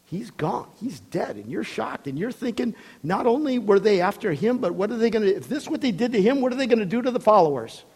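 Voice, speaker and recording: A man preaching a sermon, telling a story with animated voices and frequent laughs. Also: high voice, fairly quick, few pauses, husky.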